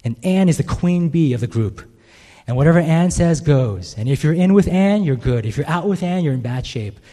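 A man's voice: on the high side, animated, normal speed, mellow. A male pastor preaching a sermon in a conversational way, often checking in with the listeners with "right?". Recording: long reverb in a large hall.

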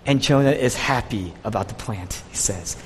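A man preaching a sermon with an impassioned delivery that swings from quiet to raised, with a husky voice. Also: on the low side, normal speed, long reverb tail, a little hiss or hum.

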